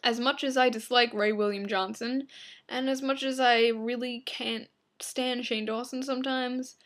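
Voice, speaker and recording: A young woman vlogger from Long Island reads out viewer questions and answers them in a blunt, flippant way. Her voice sits a little high for a woman, and she throws in quick offhand asides. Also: steady tone, fairly bright tone. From Long Island, New York. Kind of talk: casual Q and A vlog.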